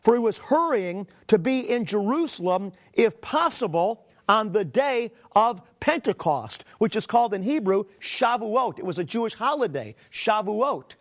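High-voiced earnest male preacher. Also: big pitch swings, measured pace, few pauses. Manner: earnest, emphatic scripture reading with direct address. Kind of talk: sermon teaching.

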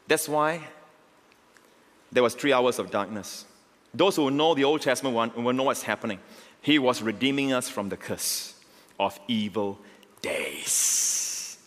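A male pastor preaching a sermon, emphatic and swelling to near shouts, often checking in with the congregation. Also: medium pitch. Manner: emphatic, rising to near shouts on key lines; repeats call-outs to the congregation. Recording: long hall reverb.

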